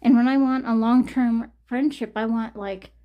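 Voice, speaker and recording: A woman's voice: fairly high pitch, steady tone, normal speed, dull audio. A woman vlogging in a casual rambling monologue, full of "you know", sighs and laughs.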